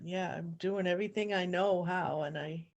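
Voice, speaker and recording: A woman's voice: fairly low pitch, fairly even intonation, normal speed, gravelly, highs cut off. A woman caller on an online healing session, chatting openly and laughing between words. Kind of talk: casual chat on an online call.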